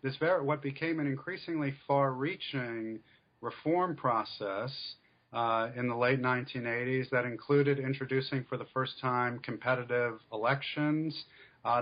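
A male author answering interview questions in a measured, explanatory way with frequent fillers. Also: medium pitch, lo-fi sound. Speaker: author guest.

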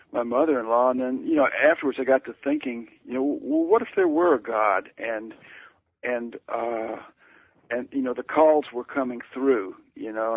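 A man's voice: mid-range voice, vocal fry, no room sound, lo-fi sound. A male author and writing teacher, interviewed and telling a story at length, hesitant, with many fillers and restarts.

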